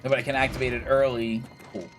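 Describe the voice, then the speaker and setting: A young gaming video creator commentates his gameplay casually, chatty and jokey, swearing freely and talking to himself and the game characters. His mid-range voice is level, a bit bright, and fast, with soft music behind it.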